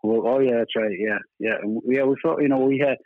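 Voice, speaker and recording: A man's voice: medium pitch, steady tone, brisk, no room sound. A man with a Boston accent, a musician chatting in an interview, laid-back and swearing freely as he tells stories. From Boston, USA. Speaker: band musician guest. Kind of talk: casual phone interview. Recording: dry tinny phone line.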